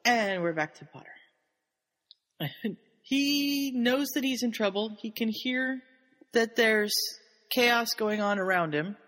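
A woman co-hosting a podcast, casually retelling a story in an animated way and laughing often. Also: fairly high pitch, slow pace, big-room sound. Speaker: podcast co-host.

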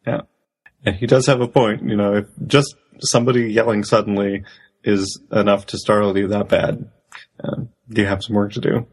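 A man co-hosting a podcast in casual chat, making measured, dry remarks. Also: on the low side, flat delivery, husky. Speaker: podcast co-host.

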